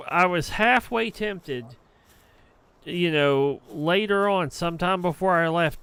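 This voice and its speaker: A man's voice: fairly high pitch, pushed and bright, a little hiss or hum. A young adult man streamer casually telling a rambling, profane story on a livestream. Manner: rambling, profane, heated anecdote.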